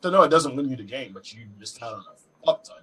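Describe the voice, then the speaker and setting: A man's voice: mid-range voice, lively intonation, quick pace, fairly bright tone, slightly rough, far from the mic, poor audio. A man co-hosting a casual gaming podcast, blunt and exasperated, swearing freely. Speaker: podcast co-host.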